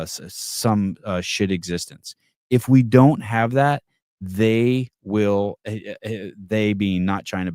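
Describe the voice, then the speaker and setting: Reading viewer comments during a casual live call-in podcast, this host is blunt and profane and keeps restarting his words. He's an adult man with children whose voice sits lowish and a little mellow, captured in echo-free studio quality.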